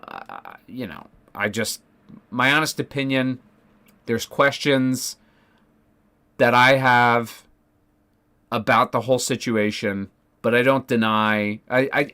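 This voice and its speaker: A man's voice: mid-range voice, pushed and bright. A young adult man in a casual livestream rant, rambling, restarting his sentences and swearing as he talks politics with his chat. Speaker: political streamer.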